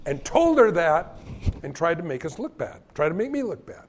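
A man's voice: high-pitched, moderate pace. A man preaching a sermon as pastor, telling the stories with energy and acting out the voices of the people in them. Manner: animated storytelling, acting out quoted voices.

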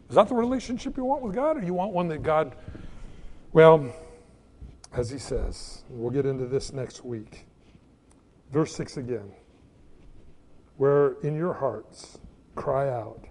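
A middle-aged man preaching a sermon as pastor, telling stories with lively restarts. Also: fairly high pitch, measured pace. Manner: animated storytelling with repeated restarts. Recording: long hall reverb.

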